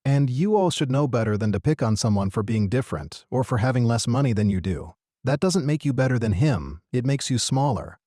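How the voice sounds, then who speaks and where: A man voicing a firm but gentle single mother in a storybook narration. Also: medium pitch, animated, a little fast, few pauses, no echo, studio quality, close to an everyday voice. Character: firm, kind single mother defending a child.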